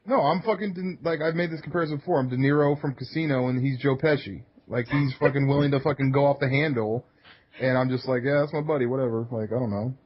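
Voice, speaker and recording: A man's voice: mid-range voice, fairly even intonation, quick pace. Laid-back swearing podcast guy, lo-fi. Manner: laid-back, swears a lot, laughs while telling stories. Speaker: podcast co-host. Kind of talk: casual chat. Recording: dull lo-fi podcast audio.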